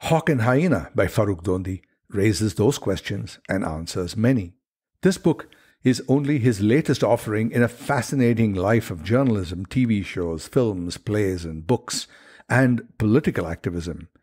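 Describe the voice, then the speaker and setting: A man hosting a podcast, reading a scripted introduction with a deliberate, slightly ironic delivery. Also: on the low side, animated, a little mellow, husky. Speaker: podcast host.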